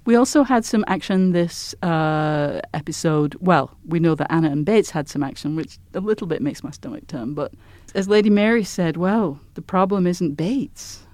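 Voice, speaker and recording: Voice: medium pitch, lively intonation, moderate pace, hardly any pauses, a little mellow, no room sound. A podcast co-host in casual, agreeable chat about a TV drama, laughing easily.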